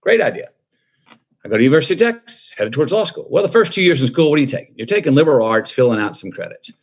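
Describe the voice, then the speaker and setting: A middle-aged man, a guest in an interview, telling his story in a reflective, drawn-out way. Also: mid-range voice, big pitch swings, slightly rough.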